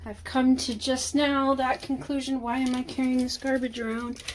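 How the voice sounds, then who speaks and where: A woman's voice: high voice, flat delivery, normal speed. A woman chatting casually as she cooks in her home kitchen, rambling and talking to her cat. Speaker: vlogger. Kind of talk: casual cooking vlog chat.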